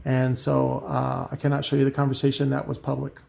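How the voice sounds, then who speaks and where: Gravelly man ranting casually. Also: medium pitch, monotone, a little fast, a little mellow. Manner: rambling, profane, restarts often, reads out messages. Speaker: car audio maker and host.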